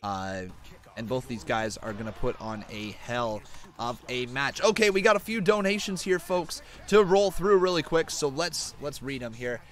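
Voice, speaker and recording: A man's voice: mid-range voice, moderate pace, fairly bright tone. A man hosting a live reaction stream, chatting casually and reading out viewer donations and questions. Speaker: livestream host.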